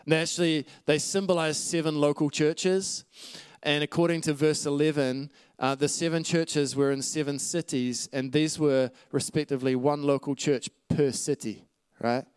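A man's voice: on the high side, fairly even intonation, moderate pace, smooth, dry recording. Earnest man preaching a sermon. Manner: earnest teaching with scripture references, occasional light laughs.

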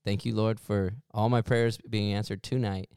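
A man's voice: on the low side, level tone, normal speed, dark tone, smooth, no room sound, studio quality. A young man, a podcast co-host, telling a rambling, self-deprecating story in casual chat and laughing often.

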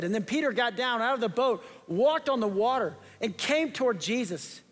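High-voiced pastor preaching in a hall. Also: male voice, lively intonation, moderate pace, few pauses, a bit bright. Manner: impassioned, conversational preaching with repeated phrases. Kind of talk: sermon.

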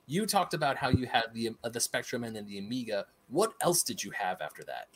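A man's voice: mid-range voice, very animated, a little fast. A man co-hosting a podcast, chatting with an enthusiastic, rambling manner. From United States. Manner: enthusiastic, rambling, self-described nerd. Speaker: podcast co-host. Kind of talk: casual chat.

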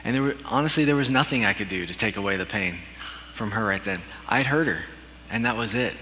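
Earnest preacher man, very bright voice. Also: lowish voice, fairly quick, a little hiss or hum. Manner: storytelling, earnest with self-deprecating humor. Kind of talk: sermon. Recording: dull recording with long hall reverb.

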